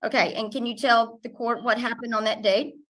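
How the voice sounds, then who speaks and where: A woman attorney questioning a witness in court with measured, formal questions. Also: fairly high pitch, fairly even intonation, fairly bright tone, low-quality recording.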